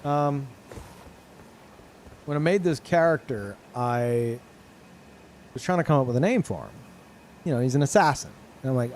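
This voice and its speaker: Young male streamer, rambling casual chat, medium pitch, faint hiss behind. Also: unhurried, pauses often, a little mellow. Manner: rambling, lots of fillers and restarts.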